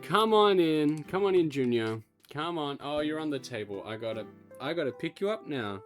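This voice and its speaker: A man's voice: fairly high pitch, lively intonation, normal speed, faint music behind. A man streaming a video game from home, chatting casually and fondly talking to his cat between rambling, self-mocking asides. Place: home room.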